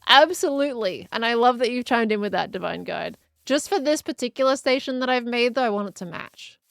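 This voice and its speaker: A woman's voice: fairly high pitch, lively intonation, fairly quick, creaky, a bit bright, no echo, clean studio sound. A woman with an Australian accent, chatting casually on a live stream as she builds and answers viewers. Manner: chatty, reads out chat messages and reacts to viewers.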